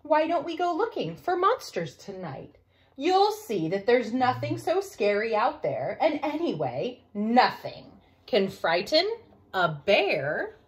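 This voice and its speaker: A woman's voice: a little high, sing-song, takes it slowly. A woman voicing a boastful father bear in a storybook, hearty and sure of himself. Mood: reassuring. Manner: hearty and reassuring, turning alarmed.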